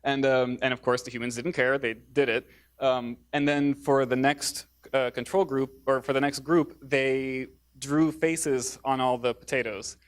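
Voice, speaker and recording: A man's voice: mid-range voice, fairly even intonation, unhurried, clean tone. A man giving a public talk in a theater, hesitant, with many fillers and restarts. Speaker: speaker.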